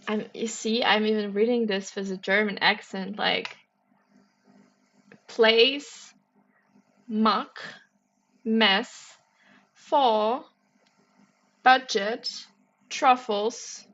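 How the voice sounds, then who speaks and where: A woman hosts a casual livestream, thinking aloud in a playful, chatty way. Her voice is bright and slightly high, and she speaks slowly, taking her time. The sound is a little dull and lo-fi. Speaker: livestream host solving puzzles.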